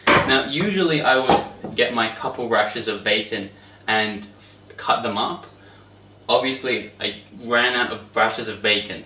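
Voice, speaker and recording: A young man rambling and joking as he cooks in his home kitchen, chatting to his pet bird as he goes. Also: lowish voice. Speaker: cooking vlogger. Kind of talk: casual cooking vlog. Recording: roomy echo, distant mic, faint noise.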